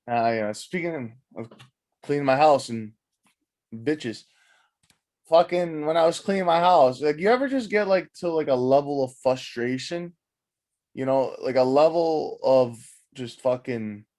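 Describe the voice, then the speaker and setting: A young adult man hosting a podcast, telling casual stories in a rambling, profane, animated way and acting out what people said. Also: medium pitch, a little slow, pauses often. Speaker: podcast host. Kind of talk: casual storytelling monologue.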